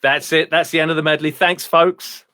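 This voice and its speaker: Deadpan man telling jokes. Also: fairly high pitch, dry recording, clean studio sound. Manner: deadpan joke delivery with slow punchlines. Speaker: comedian guest. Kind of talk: telling one-liner jokes.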